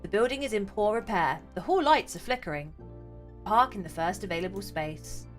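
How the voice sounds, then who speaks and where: A woman streamer reading a story game aloud, reacting with quick, excited outbursts. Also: medium pitch, faint music behind.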